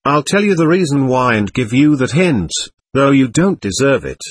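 Man reading defiant accused young man, scornful, bitter, husky voice, dry close sound. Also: medium pitch, big pitch swings, normal speed, dry recording. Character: proud, defiant young man under questioning. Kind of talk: audiobook character reading.

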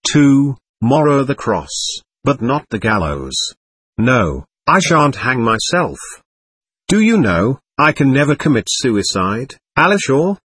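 A man voicing a feverish, delirious young man who rambles in an agitated, brooding way, with a husky voice. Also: medium pitch, sing-song, takes it slowly, a bit bright, no echo, heavily acted.

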